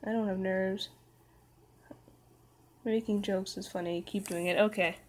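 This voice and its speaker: A woman's voice: medium pitch, fairly even intonation, measured pace. Tired young woman, casual stream reader, stumbles and self-corrects, jokey. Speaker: reader of fan fiction. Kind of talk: casual read-aloud livestream.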